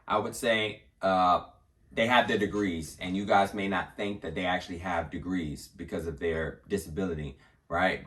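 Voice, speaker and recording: A young man hosting a casual podcast chat, earnest and halting with fillers. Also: deep voice, fairly bright tone, distant mic.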